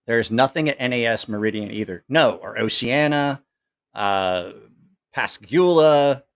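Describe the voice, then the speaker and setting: A middle-aged man with a medium-pitched voice speaks at a measured pace, hosting a livestream from home while his family is nearby. He chats casually to his live audience, spinning rambling stories full of swearing and laughter. He comes across as a profane, laughing, animated storyteller.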